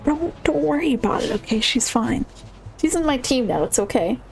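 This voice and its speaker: Lively playful woman game streamer. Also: high voice, moderate pace, vocal fry, soft background music, rough recording. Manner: animated, playful asides. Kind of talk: casual gaming stream, reading dialogue aloud.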